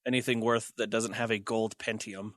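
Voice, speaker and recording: A man's voice: level tone, moderate pace, fairly bright tone, dry recording, studio quality. A young man hosting a casual tech podcast, joking and laughing often between points. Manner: jokey, laughs often, goofy high squeals. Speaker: podcast host.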